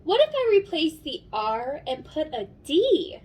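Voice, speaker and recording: Young woman teacher, high voice bouncing all over, drags out each letter sound for the kids. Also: wildly swooping pitch, a little mellow. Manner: slow, sing-song classroom praise and sounding out. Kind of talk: microteach phonics lesson to an imagined class.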